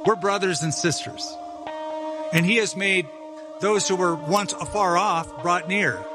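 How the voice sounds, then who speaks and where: A man's voice: sits high, measured pace, music in the background. An older man, a pastor, preaching an emphatic sermon with chatty asides.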